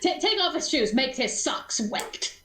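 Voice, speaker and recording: A woman narrating as game master of a tabletop role-playing session, animated, laughing often and stumbling over restarts. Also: high-pitched, measured pace, reverberant, low-quality recording.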